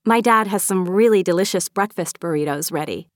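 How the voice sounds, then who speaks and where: A woman voicing an eager, excitable young girl who welcomes her guests in an audiobook. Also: lowish voice, fairly quick, no echo, studio quality, lightly acted. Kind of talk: audiobook character reading.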